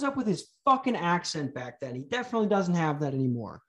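A man's voice: a little high, very animated, moderate pace. A young man hosting a podcast, ranting sarcastically and swearing freely. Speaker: podcast host. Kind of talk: profane comedic podcast rant.

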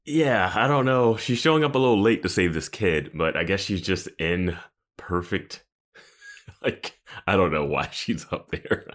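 A man's voice: low voice, measured pace, a bit bright. A man co-hosting a podcast, chatting about a TV episode in an amused, incredulous way. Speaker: podcast co-host. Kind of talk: casual chat, discussing a TV episode.

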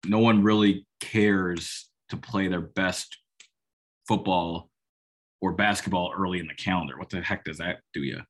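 Husky low-voiced man ranting about football. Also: measured pace. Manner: rambling, emphatic, restarts a lot; opinionated and sarcastic. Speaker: sports podcast host. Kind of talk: casual solo football analysis.

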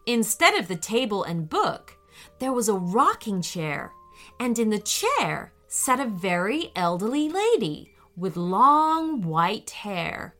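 A woman narrating a children's story in a slow, expressive way. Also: medium pitch, faint music behind.

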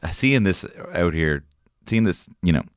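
Man, podcast co-host, deep voice, lively pitch, dry close sound. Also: unhurried, clean tone, no room sound. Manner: joking and laid-back. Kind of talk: casual chat.

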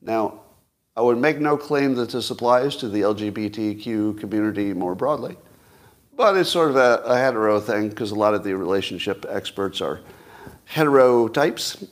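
A man's voice: on the low side, expressive, moderate pace. Chatty self-mocking older male host. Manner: rambling, self-mocking, chuckles often. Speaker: podcast host. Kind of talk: casual solo commentary.

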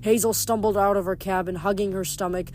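Steady reader narrating a novel. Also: medium pitch, fairly quick. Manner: steady, plain reading with small self-corrections. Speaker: narrator reading a novel aloud. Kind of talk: fan audiobook reading with recap.

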